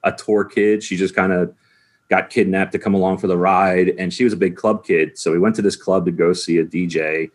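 A man's voice: deep voice, fairly even intonation, a little fast. A man in his forties telling a rambling story in casual chat, full of "like" fillers.

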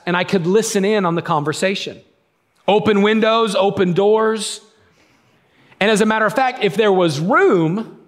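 A pastor preaching a sermon and retelling a story in a casual, conversational way, with frequent restarts. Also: male voice, sits high.

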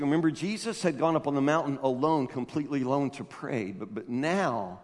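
A man preaching a sermon with emphatic delivery, often restarting and repeating words. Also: fairly high pitch. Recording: long reverb of a large hall.

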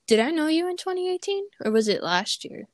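A woman's voice: sits high, very animated, brisk, dry recording. A young woman co-hosting a casual chat, talking in a laid-back, reflective way. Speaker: co-host.

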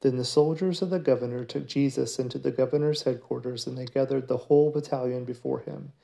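A man giving a daily scripture reading in a measured, steady way. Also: medium pitch, gravelly. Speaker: scripture reader.

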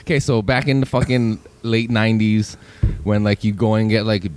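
A man's voice: fairly low pitch, steady tone, moderate pace, darkish tone, clean tone. A man hosting a casual weed podcast, telling a long story in a laid-back, profane way. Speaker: podcast host. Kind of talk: casual stoner chat.

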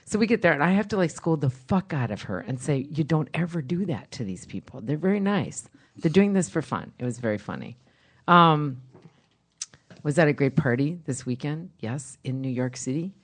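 A woman co-hosting a podcast, telling funny stories in a chatty, animated way. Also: low-pitched, moderate pace, slightly rough. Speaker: podcast co-host. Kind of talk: casual storytelling chat.

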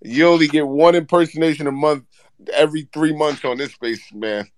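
A man's voice: on the high side, steady tone, fairly quick, dry recording. A man hosting a casual live audio chat, exasperated and profane as he keeps the others in line. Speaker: host.

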